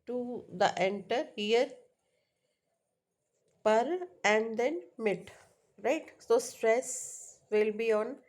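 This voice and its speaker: A woman's voice: a little high, slow, darkish tone. A woman teacher explaining a lesson, repeating key points and checking in with "right?". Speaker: English teacher.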